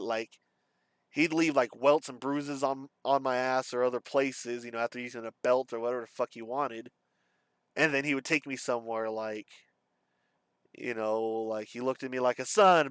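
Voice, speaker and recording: A man speaks haltingly in a subdued, confessional way, often pausing and trailing off. His voice is smooth and clean, recorded close and dry with no room sound. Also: mid-range voice, dry recording. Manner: halting, hesitant, with many pauses and fillers. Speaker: vlogger. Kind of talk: candid personal storytelling.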